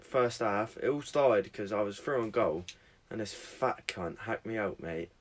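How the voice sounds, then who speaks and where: A man's voice: lowish voice, animated, measured pace. A man, co-hosting a podcast and telling a story in casual, sweary chat. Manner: sweary, storytelling, laughs often. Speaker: podcast co-host.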